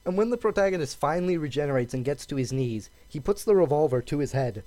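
A man co-hosting a podcast, recounting an anime scene in casual, animated chat. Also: on the high side, fast talker. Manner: animated storytelling. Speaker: podcast co-host.

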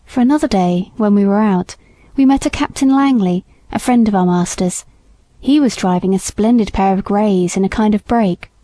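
Woman audiobook reader, measured and gentle, mellow tone, dry close sound. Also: mid-range voice, no room sound. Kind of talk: scripted narration.

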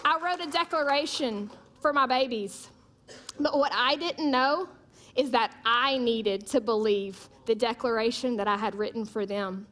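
High-voiced woman preaching emphatically. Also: unhurried, a bit bright, a little hiss or hum. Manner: emphatic, repeats declarations, storytelling with humor. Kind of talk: sermon.

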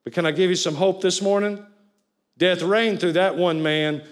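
A male pastor preaching a sermon to a church congregation, urging them to repeat his words, and swinging from loud cries to quiet lines. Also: high-pitched, fairly even intonation, moderate pace. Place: church sanctuary with an audience, also streamed.

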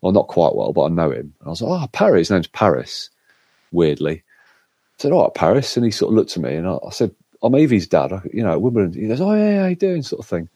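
A middle-aged man telling a lively story in casual chat, acting out what others said. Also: low voice, fast talker, slightly rough, no room sound. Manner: animated storyteller, acts out quotes. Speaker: co-host.

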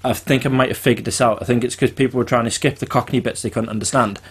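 A man co-hosting a casual podcast, talking in a relaxed way with lots of ums and uhs. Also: medium pitch, fast, slightly rough. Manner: relaxed, filler-heavy, laughs at jokes. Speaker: podcast co-host. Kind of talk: casual chat.

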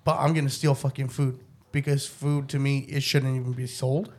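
A man's voice: medium pitch, flat delivery, normal speed. A man in his thirties telling stories in casual chat, blunt and profane, often restarting his sentences.

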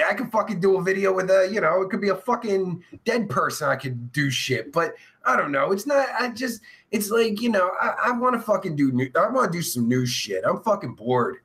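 A man hosting a crude podcast with a stuffy nose, swearing constantly and joking as he reads viewer comments. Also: high voice. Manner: profane, loud, jokey, swings between shouting and mumbling. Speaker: podcast host. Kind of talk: crude casual chat reading viewer comments.

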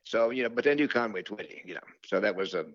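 A man's voice: fairly low pitch, expressive, fast, fairly bright tone, no echo, highs cut off. An older man, a country singer telling rambling stories from his career in an interview, full of fillers and restarts. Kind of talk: relaxed storytelling interview.

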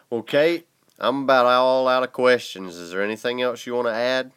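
A man with a Southern US accent hosts a podcast in relaxed, chatty fashion. His voice is smooth and clear even with a stuffy, congested nose. He drawls along easily, often chuckling. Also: mid-range voice, a little slow. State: congested from a sinus infection. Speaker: podcast host. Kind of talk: casual chat.

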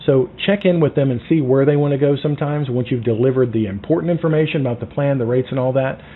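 A man giving sales coaching in a lively way, acting out phone calls and lowering his voice for effect. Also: fast, a little hiss or hum. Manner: animated, acts out phone calls, drops to a low voice. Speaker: sales trainer. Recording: tinny phone-like sound.

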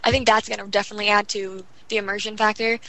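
A young woman chatting casually about games, talking quickly and rambling with lots of fillers. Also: medium pitch, flat delivery, a bit bright, no echo, rough recording. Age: young adult. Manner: rapid, rambling, full of fillers. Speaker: guest gamer. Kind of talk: casual chat.

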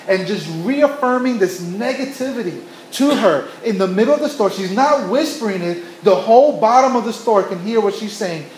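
This is a pastor preaching in a church, his voice notably high for a man. He tells stories earnestly, doubling back and repeating himself as he builds his point. The sound rings in an echoey room with faint ambience behind him. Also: lively intonation, moderate pace, few pauses, slight background noise. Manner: earnest storytelling with many restarts and repetitions. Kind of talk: sermon.

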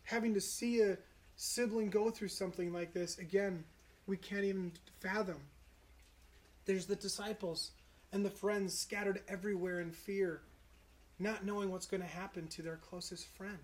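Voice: mid-range voice, steady tone. Earnest, reflective preacher in a sermon. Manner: earnest, reflective, slows for emphasis. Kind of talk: sermon on the crucifixion, citing scripture.

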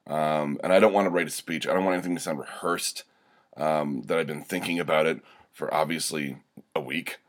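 A man's voice: very deep voice, steady tone, brisk. A young man telling a personal story in a wry, sardonic monologue, full of fillers and restarts.

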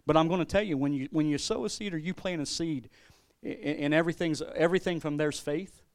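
A man preaching a sermon as pastor, with a voice a bit higher than most men's. He tells a personal story in an easy, conversational way, restarting and repeating words as he goes. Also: fast talker. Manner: conversational, repeats words, laughs, acts out quotes.

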